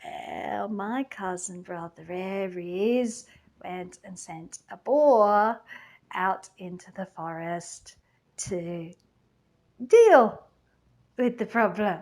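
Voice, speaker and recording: A woman's voice: high-pitched, lively intonation, slow pace. A woman playing a flippant, gossipy goddess queen of the underworld in a chatty comic monologue full of "like" and "you know".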